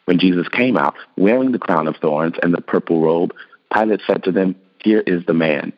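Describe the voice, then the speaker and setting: Deep-voiced man reading scripture. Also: brisk, muffled recording. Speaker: scripture reader. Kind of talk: scripted narration.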